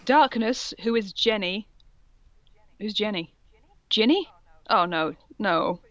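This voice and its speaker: A woman's voice: medium pitch, lively intonation, slow, no echo, highs cut off. Woman mockingly reading aloud, laughing. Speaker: podcast co-host. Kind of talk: comedic reading of fan fiction.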